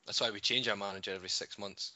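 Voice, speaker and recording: Sarcastic guy, bright lowish voice, dry dull lo-fi sound. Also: fairly even intonation, rapid-fire, no room sound. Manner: sarcastic, laughs often. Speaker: co-host. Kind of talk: casual podcast chat.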